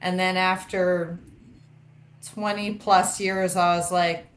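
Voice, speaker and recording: A woman's voice: lowish voice, little pitch movement, slow. Wry middle-aged woman in a roomy space. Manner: candid, wry, loose speech with fillers. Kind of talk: casual chat.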